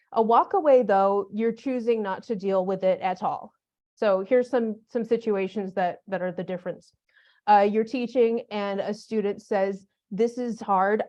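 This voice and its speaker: A woman's voice: mid-range voice, warm tone, lo-fi sound. A woman presenting a teacher workshop in a conversational, humorous way, with practical classroom examples. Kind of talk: conference workshop talk.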